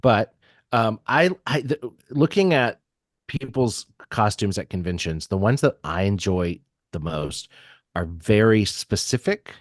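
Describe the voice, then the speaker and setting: A man's voice: fairly low pitch, expressive, unhurried, dry recording, studio quality. A man co-hosting a casual chat, talking in a hesitant way with many ums and restarts. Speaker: podcast co-host.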